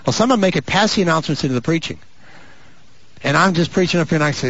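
A man preaching a sermon as pastor, building to fervent, drawn-out shouts and dropping into mock voices and asides. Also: a little high, huge pitch swings, slight background noise. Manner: rising to fervent, stretched-out shouts. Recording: muffled lo-fi recording.

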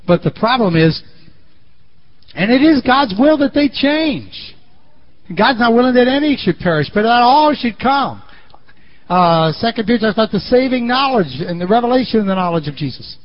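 A man preaching a sermon in an animated way, swinging between loud and quiet, on a muffled lo-fi recording. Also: very high-pitched, moderate pace.

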